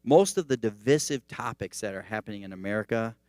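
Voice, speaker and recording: A man's voice: lowish voice, brisk, no room sound, studio quality. Conversational man preaching a sermon. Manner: conversational, animated storytelling preaching. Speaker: teaching pastor.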